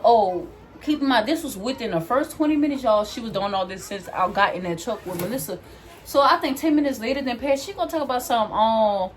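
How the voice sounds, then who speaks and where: A young woman vlogger telling a storytime from work while doing her hair, animated and acting out what people said. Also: fairly high pitch. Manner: animated, acts out quotes, addresses viewers as y'all.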